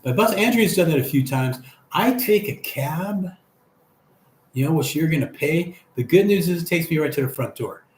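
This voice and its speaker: A man's voice: a little high, expressive, normal speed. Older man chatting through a live stream. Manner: chatty, reads viewer comments aloud and answers them. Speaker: livestream host reading chat. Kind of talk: casual chat. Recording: echoey room with faint background hum.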